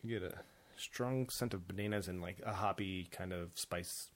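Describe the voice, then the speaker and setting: A relaxed man co-hosting a podcast, his voice pitched somewhat low. He talks in an easy, unhurried way and laughs often with his co-host. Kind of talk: casual chat.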